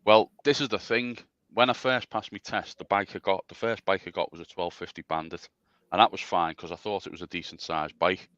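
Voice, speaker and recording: A man's voice: low voice, steady tone, brisk, fairly bright tone, dry recording, lo-fi sound. A man chatting casually as a guest on a livestream, rambling and self-deprecating with stammering restarts. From England. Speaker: special guest.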